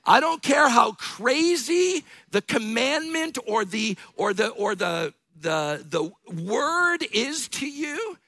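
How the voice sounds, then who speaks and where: A middle-aged man preaching a sermon as pastor, telling stories with bursts of shouting and laughter. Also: extremely high pitch, very animated, takes it slowly, few pauses, no echo.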